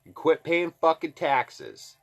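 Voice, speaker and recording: A man's voice: a little high, wildly swooping pitch, slow pace, gravelly. A man from Alaska ranting heatedly to the camera, swearing constantly. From Alaska, USA. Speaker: vlogger. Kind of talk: angry political rant to camera.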